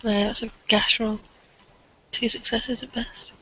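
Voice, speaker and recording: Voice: medium pitch, little pitch movement, a little slow, background noise. A player in a tabletop role-playing game, talking casually and hesitantly, with frequent ums. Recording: dry, dull lo-fi recording.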